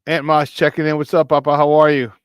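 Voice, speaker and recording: A man hosting a casual sports talk show, excitable and repeating phrases for emphasis, reading off stat lines in quick lists. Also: on the high side, smooth, no room sound. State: doing burpees while talking.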